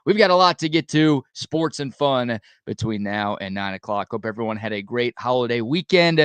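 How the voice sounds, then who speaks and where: A male sports radio host reading a brisk, upbeat rundown of the show. His voice is dry and close, with no room around it. He then eases into relaxed chat with his co-host. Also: medium pitch, smooth, no room sound. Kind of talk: show opening and casual chat.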